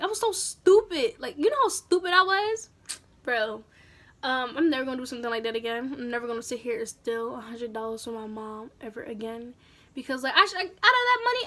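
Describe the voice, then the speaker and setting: A woman vlogger telling a personal story in a casual, animated, slangy way. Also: on the high side.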